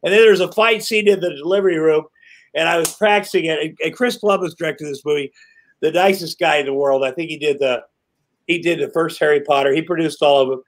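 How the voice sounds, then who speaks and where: A man on a podcast as a guest, telling rambling, animated stories, swearing and laughing as he goes. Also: a little high, fast talker, low-quality recording. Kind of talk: casual chat.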